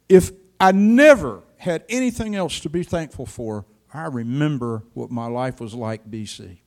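An older man preaching a sermon, telling a personal story with dramatic swings between quiet and loud. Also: medium pitch, expressive, unhurried.

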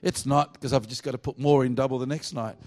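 A man with an Australian accent preaching a revival sermon to a congregation, jokey and exuberant, swinging from hushed asides to shouts. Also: mid-range voice, steady tone, fast. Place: church hall before a congregation.

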